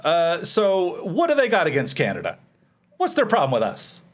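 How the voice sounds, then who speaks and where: A man's voice: a little high, wildly swooping pitch, moderate pace. A man hosting a casual comedy panel, rambling and joking as he leads the talk with questions. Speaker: host.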